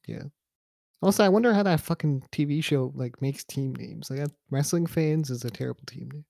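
A man's voice: mid-range voice, a little fast, gravelly, dark tone, dry recording, studio quality. A man co-hosting a wrestling podcast, chatting casually, laid-back and swearing as he rants. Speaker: podcast co-host.

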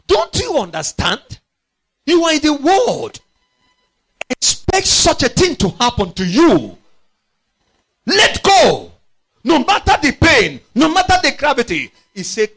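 A man preaching a sermon, emphatic and repetitive, swinging from loud outbursts to quiet, low phrases. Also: huge pitch swings, takes it slowly, long pauses. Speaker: pastor.

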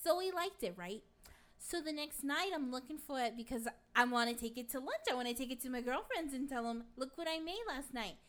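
A woman's voice: high-pitched, expressive, brisk, a bit bright. A woman playing a brash, crude middle-aged gossip in a comic sketch, rambling through a story with plenty of swearing. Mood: brash, gossipy. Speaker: guest.

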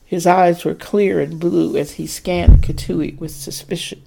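A woman narrates a period novel in a steady, unhurried storytelling manner. Her voice sits low, with a gravelly fry running through it. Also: a little hiss or hum. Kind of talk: audiobook narration.

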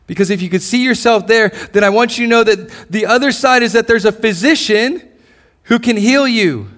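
Male pastor, higher-pitched voice, passionate sermon delivery, rhetorical questions, stumbling restarts. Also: normal speed, fairly bright tone. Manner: impassioned preaching with repeated questions and stammered restarts. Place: church service.

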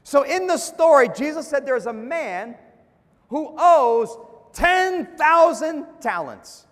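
A man's voice: very high-pitched, animated, slow, fairly bright tone. A man preaching a sermon as pastor, with emphatic dips and rises and calls for an amen. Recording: long hall reverb.

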